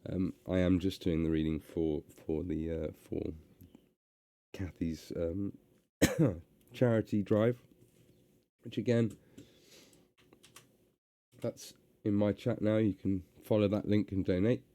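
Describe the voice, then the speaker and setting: Brief: relaxed male streamer, hesitant chat, dry close sound. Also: deep voice, takes it slowly, pauses often, no echo. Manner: relaxed, hesitant with many fillers. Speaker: streamer reading aloud. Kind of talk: casual reading and chat on a live stream.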